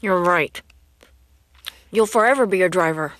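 A woman voicing a stern, blunt, protective elder sister in a dubbed drama, curt and sharp-tongued. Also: lowish voice, unhurried. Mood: teasing. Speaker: dub actor.

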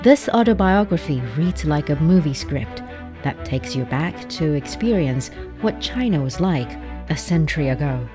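A woman giving a calm scripted introduction to an audiobook. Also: deep voice, moderate pace, over music.

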